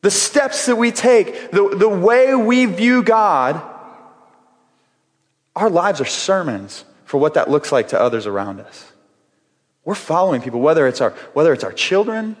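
A man's voice: fairly high pitch, expressive, moderate pace, big-room sound. A man preaching a sermon with earnest, repeated phrases as he builds each point. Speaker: pastor.

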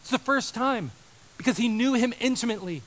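A man in his thirties preaching a sermon, animated, moving from loud emphasis to quiet intensity. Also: very high voice, fairly quick, poor audio. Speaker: pastor.

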